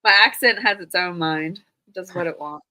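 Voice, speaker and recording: A woman's voice: on the low side, moderate pace, bright, forceful tone, dry recording, poor audio. A woman from Australia hosting a casual live stream, chatty and full of rambling anecdotes. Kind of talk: casual chat.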